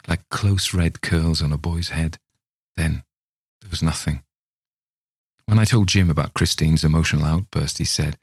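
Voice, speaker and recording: A man reads a ghost story aloud, measured and dramatic. His voice is very low, gravelly and husky. The sound is dry and close. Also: steady tone, darkish tone, dry recording. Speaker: story reader.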